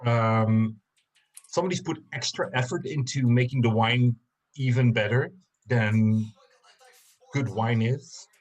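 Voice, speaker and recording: A man narrating a tabletop game as game master, in slow, halting narration with many fillers. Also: medium pitch.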